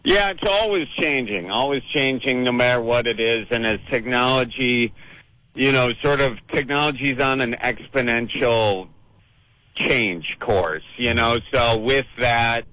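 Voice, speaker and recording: A man's voice: medium pitch, a little slow, dry recording, poor audio. A man, a comedian guest, chatting casually and jokingly in a radio interview. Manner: relaxed, jokey, rambling with restarts.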